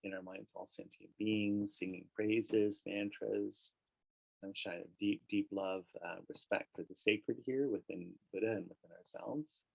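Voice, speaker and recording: A man with a deep, gravelly voice guides a meditation class. He talks in a relaxed, conversational way with casual fillers. The sound is close and dry. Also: unhurried, dry recording, low-quality recording. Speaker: meditation teacher.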